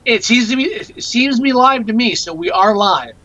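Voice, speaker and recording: High, lively man rambling on a podcast. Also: moderate pace, no room sound, dull audio. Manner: rambling, restarts often, animated. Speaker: podcast co-host. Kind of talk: casual movie-review chat.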